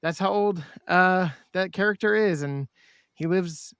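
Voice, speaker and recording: A man's voice: high-pitched, a little slow, fairly bright tone, clean tone, dry recording, studio quality. A man hosting a podcast, talking in an earnest, enthusiastic way. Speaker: podcast host. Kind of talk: casual chat.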